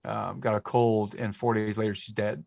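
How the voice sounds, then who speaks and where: A man's voice: lowish voice, level tone, normal speed, vocal fry, darkish tone, no room sound. A man in his forties, a podcast guest talking casually into a podcast microphone, rambling and emotional as he tells stories. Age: 40s. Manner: talkative, emotional, rambling storyteller. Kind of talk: casual conversation.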